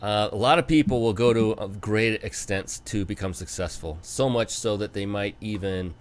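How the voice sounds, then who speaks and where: A man hosting a business talk show, chatting enthusiastically and spelling out details slowly. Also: fairly low pitch. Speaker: show host. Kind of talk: casual interview talk.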